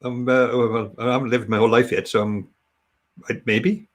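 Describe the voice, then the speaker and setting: A man from Wales, a guest on a comedy show, answering pitches with dry, pedantic quips. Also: level tone, moderate pace.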